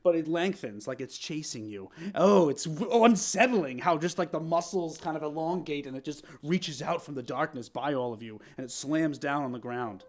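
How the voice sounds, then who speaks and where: This man narrates a tabletop game as guest game master, with a voice a little higher than most men's. He tells the story with animated energy and laughs often. He stumbles and restarts as he goes. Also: normal speed, few pauses.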